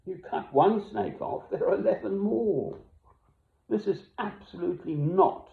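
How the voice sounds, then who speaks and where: An older man talking in a rambling personal monologue, musing and wandering, swinging between loud and hushed. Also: sits high, big pitch swings, measured pace, creaky. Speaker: self-made video speaker. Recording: echoey room, tinny phone-like sound.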